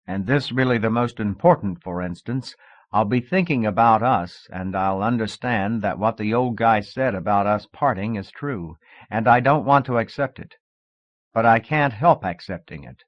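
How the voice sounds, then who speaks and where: A man reading an audiobook voices a restless, joking young man, close to his own low reading voice, on a dull cassette recording. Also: normal speed, no room sound, natural voice.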